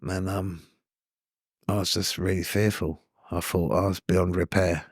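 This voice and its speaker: A low-pitched man talks openly as a podcast guest. His speech is earnest and loose, full of asides and "you know what I mean". The sound is dry and close, with no room around it. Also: flat delivery, measured pace, breathy edge, no room sound. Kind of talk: casual candid storytelling.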